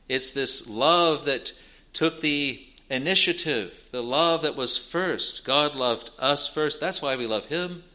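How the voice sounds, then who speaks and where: A male preacher delivering a sermon at a slow, unhurried pace. His voice is bright and forceful, with a deliberate, measured delivery as he reads out scripture and explains it. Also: mid-range voice.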